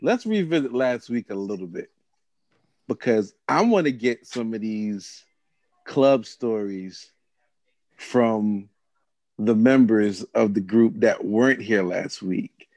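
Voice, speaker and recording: A man's voice: fairly low pitch, takes it slowly, a little mellow, dry recording. A man hosting a casual podcast chat, laughing often and restarting his sentences. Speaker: podcast host.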